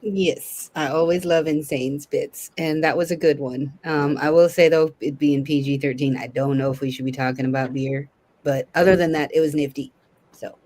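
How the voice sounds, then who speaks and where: Woman, contestant, deep voice, chatty storyteller. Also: steady tone, normal speed, a little mellow. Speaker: game show contestant. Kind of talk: casual storytelling.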